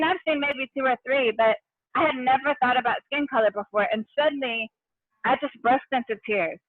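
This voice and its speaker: A woman's voice: a little high, dry recording. An earnest middle-aged woman recounts her own story as a guest on a remote call. She talks vividly and restarts her sentences often. Her voice comes through a thin, phone-like line with no room sound at all. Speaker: interview guest, education consultant. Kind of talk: personal storytelling in a conversation. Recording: tinny phone-like line, dry.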